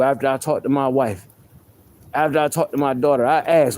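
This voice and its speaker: A man's voice: mid-range voice, normal speed, darkish tone. A man venting on a livestream in a blunt, profane, confrontational way about his personal troubles. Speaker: livestream host. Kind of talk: emotional personal rant.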